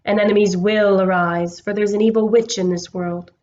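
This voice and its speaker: A woman voicing a wise, solemn male lion king who speaks slowly and gravely. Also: mid-range voice, fairly even intonation, a little mellow, highs cut off, a little hiss or hum, close to an everyday voice. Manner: slow, grave and measured.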